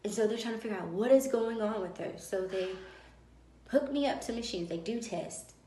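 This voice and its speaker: A woman vlogger telling a personal story in a lively way and acting out the dialogue of others. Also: fairly high pitch, normal speed, slight background noise. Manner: animated, acts out dialogue. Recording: roomy echo.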